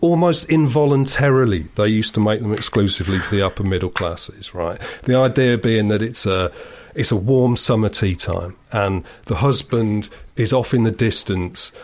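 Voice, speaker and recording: A man's voice: fairly low pitch, normal speed, few pauses, darkish tone. A man chatting casually as a co-host, sardonic and digressive, spinning long mocking stories. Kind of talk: casual chat.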